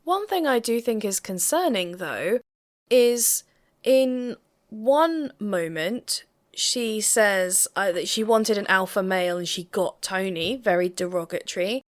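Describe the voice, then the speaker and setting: A woman co-hosting a casual reality TV reaction chat, recapping scenes in a measured, observant way. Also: medium pitch, lively intonation.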